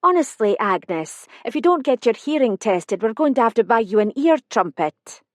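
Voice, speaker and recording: A woman's voice: on the high side, big pitch swings, normal speed, dry recording, clean studio sound, voice pushed up. A woman doing a motherly housekeeper. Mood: exasperated. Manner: motherly, coaxing. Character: warm older Scottish housekeeper woman.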